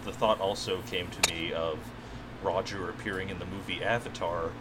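A man's voice: sits low, fairly even intonation, normal speed, background noise. A man on a podcast video call, making wry jokes. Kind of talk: casual chat over video call.

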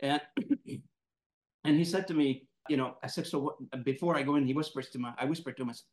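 A man hosting an interview, telling a personal story in a lively, animated way and acting out quotes. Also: medium pitch, a little fast, echoey room. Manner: animated, laughing storyteller who acts out quotes. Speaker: podcast host, moderator. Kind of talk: casual storytelling in conversation.

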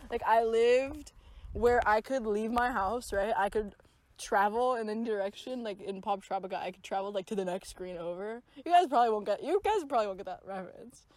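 A woman's voice: medium pitch, brisk, dry recording. A young woman from Los Angeles co-hosting a podcast, chatting casually in a rambling, jokey way full of swearing. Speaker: podcast co-host. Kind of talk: casual chat.

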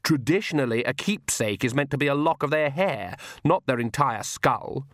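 A man's voice: mid-range voice, animated, moderate pace, a bit bright, no room sound, studio quality, pitched above the performer's own voice, natural voice. A man voicing a sneering, haughty young female vampire in a snide, scornful tone.

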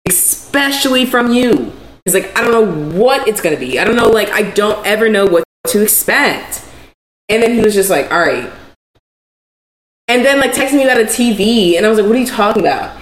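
In a brisk, animated mid-range voice, a woman co-hosting a podcast relates a story, leaning heavily on "like." The casual chat was recorded in an echoey space with audible background hiss.

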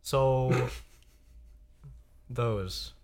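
A man's voice: mid-range voice, very slow, a crowd in the background. A young man as a podcast guest, jokey and playful in casual chat. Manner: jokey, playful, fond of breaking into song.

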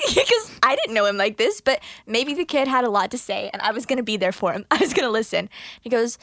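A young woman tells a story on her podcast in a bright, slightly high voice, laughing often as she talks. The sound is dry and close, with no room around it. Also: quick pace, no echo. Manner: giggly, laughs through her stories. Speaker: podcast co-host. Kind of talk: casual storytelling chat.

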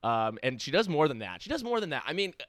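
A man's voice: fairly high pitch, sing-song, fast talker, a bit bright, no room sound, studio quality. A man co-hosting a podcast in casual chat, enthusiastic, swearing and laughing mid-sentence. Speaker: podcast co-host.

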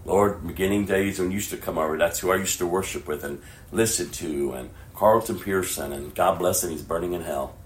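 Middle-aged male pastor, low-pitched, passionate sermon delivery with whispered lows, roomy echo. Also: brisk, slight background noise. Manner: swings from hushed whispers to loud, impassioned preaching. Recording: echoey room with faint ambience.

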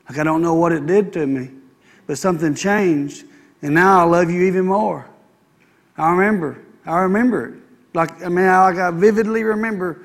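A man's voice: high-pitched, moderate pace. A man, preaching a sermon in a conversational, folksy way and repeating his phrases. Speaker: pastor. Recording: long hall reverb.

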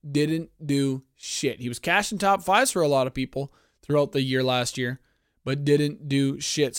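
A man's voice: medium pitch, smooth, no echo, studio quality. A man from Canada hosting a casual sports podcast, ranting in a profane, heated, rambling way. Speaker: podcast host.

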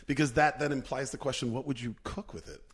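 A man in a relaxed podcast conversation, telling stories in loose, rambling bursts. He talks at a middling pitch and keeps filling the gaps with "like". He is animated and jokey. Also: quick pace. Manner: animated, rambling storyteller with many "like"s. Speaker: podcast co-host. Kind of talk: casual chat.

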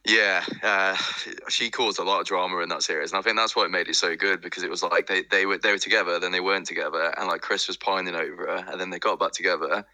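Man, quick rambling talk, very bright tone, dry close sound. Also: deep voice, fairly even intonation, dry recording, rough recording. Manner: rambling, filler-heavy. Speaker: podcast guest. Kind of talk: casual chat.

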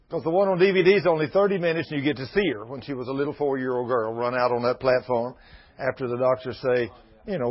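An older man, preaching a sermon in a folksy storytelling manner, acting out the people in his stories. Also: medium pitch. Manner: folksy storytelling with quoted voices. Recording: dull lo-fi radio broadcast.

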